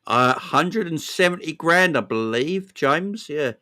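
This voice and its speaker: A man's voice: on the high side, expressive, takes it slowly. Hyped man hosting a football stream. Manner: hyped, shouts out viewers by name. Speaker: livestream host. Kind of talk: casual football fan livestream chat.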